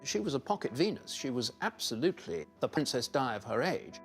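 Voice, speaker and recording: A man commenting on royal history in an interview, emphatic and animated in his telling. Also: mid-range voice, a little fast, soft background music. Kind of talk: documentary interview.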